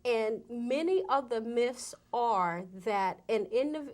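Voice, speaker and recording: A woman's voice: a little high, animated, takes it slowly, a little mellow. A woman, a guest on an interview show, talking earnestly and emphatically about her outreach work. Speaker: guest from an AIDS service organization. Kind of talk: casual interview conversation.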